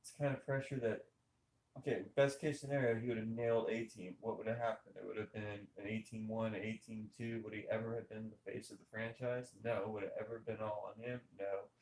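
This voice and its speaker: A man's voice: lowish voice, fairly even intonation, a little fast, a little mellow. A man hosting a casual podcast, talking emphatically about movies and firing off rhetorical questions. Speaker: podcast host. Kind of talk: casual opinionated chat over gameplay. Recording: echoey room.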